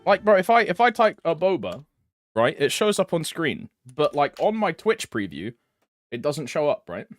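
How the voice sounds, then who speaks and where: A man's voice: a little high, big pitch swings, normal speed, no room sound, soft background music. A young man streaming a game, greeting chat by name, with frequent laughs and slangy banter. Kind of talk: casual live-stream chat.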